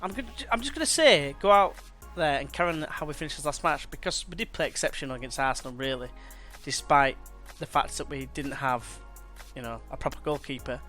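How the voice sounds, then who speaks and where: A young man plays a football management game for a let's play, chatting in slang and calling the action as it happens. He speaks briskly with few pauses, his voice on the high side, bright, and forceful, with faint music behind.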